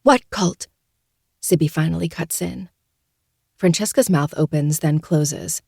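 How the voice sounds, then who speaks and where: A woman's voice: low-pitched, fairly even intonation, measured pace, vocal fry, dark tone, breathy edge, dry recording. A woman podcast host narrating a novel in the first person, in a dry, sardonic manner. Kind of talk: audiobook narration.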